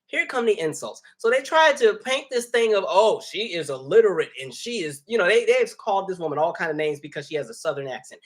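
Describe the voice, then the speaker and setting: A man's voice: high voice, expressive, quick pace, few pauses, fairly bright tone. A man hosting a casual livestream, talking animatedly, laughing and reading viewer comments aloud. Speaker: livestream host.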